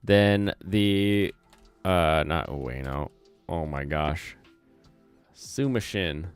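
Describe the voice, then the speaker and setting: A man's voice: sits low, drawn-out words, clear, resonant tone. A man with a slight Southern US twang, hosting a casual livestream. He rambles, corrects himself as he goes and reads chat aloud, on a close desk microphone. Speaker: streamer and channel host. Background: soft lo-fi music and keyboard typing.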